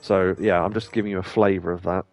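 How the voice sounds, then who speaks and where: A man with a low-pitched, slightly mellow voice and steady tone talks quickly over faint background music. He hosts a game stream, giving chatty, rambling let's-play commentary, laughing a lot and swearing now and then.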